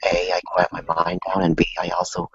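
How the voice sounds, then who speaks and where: A man in a casual podcast conversation, speaking softly and often half-whispered. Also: deep voice, completely flat delivery, a little fast, creaky, slightly rough, lo-fi sound.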